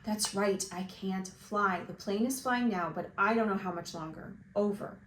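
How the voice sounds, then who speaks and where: A frantic teenage boy, stranded and terrified, pleading over a radio in a high, cracking voice, as a woman reads him in a storybook. The sound is roomy, with a faint hiss underneath. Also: moderate pace, close to an everyday voice. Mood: desperate. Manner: frantic, pleading, breaking into shouts.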